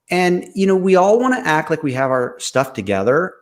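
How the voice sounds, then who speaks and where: A man's voice: a little high, moderate pace. Candid, emphatic man in casual talk. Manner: candid, animated, repeats phrases for emphasis. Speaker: co-host.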